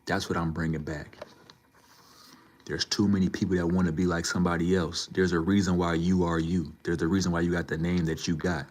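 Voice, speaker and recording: A man's voice: low-pitched, little pitch movement, brisk, darkish tone. A man livestreaming, talking casually and emphatically to his chat, repeating his points as he lectures the viewers. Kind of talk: casual live-stream talk to chat.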